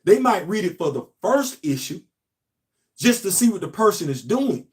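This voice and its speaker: An emphatic male commentator, hammering points home through repetition. His voice sits a bit high for a man. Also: very animated, normal speed, darkish tone. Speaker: host. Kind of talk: casual commentary monologue.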